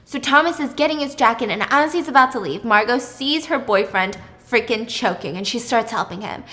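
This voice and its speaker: Brief: young woman host, high voice, lively casual storyteller who acts out characters. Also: a little fast, few pauses. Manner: animated, acts out characters with shouting and whispers. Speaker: podcast host.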